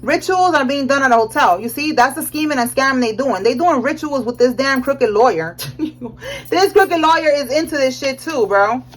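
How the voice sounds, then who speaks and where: A young woman with a high voice talks through a tarot reading in a loose, slangy way. She keeps checking in with "all right?" and laughs often as she goes. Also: expressive, moderate pace, poor audio. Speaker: tarot reader. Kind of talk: casual tarot reading monologue.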